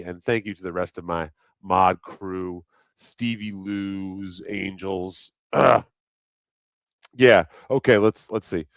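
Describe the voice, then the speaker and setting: A man's voice: sits low, gravelly, fairly bright tone, no room sound. A man hosting a live stream, chatting casually in a rambling, profane, joking way. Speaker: livestream host. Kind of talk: casual livestream chat.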